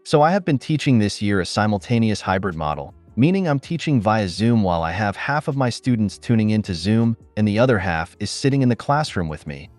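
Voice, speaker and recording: A man's voice: fairly low pitch, very animated, a little fast, hardly any pauses, a little mellow, no room sound. A man reading reddit stories aloud as the narrator, voicing every character in his own plain voice. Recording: dry close voice with faint background music.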